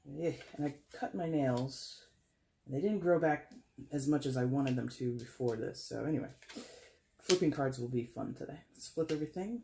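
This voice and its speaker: A man's voice: on the high side, vocal fry, dark tone, a little hiss or hum. A man hosting a casual tarot reading for his viewers, talking in a chatty, rambling way and correcting himself as he goes. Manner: addresses viewers as guys. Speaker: tarot reader.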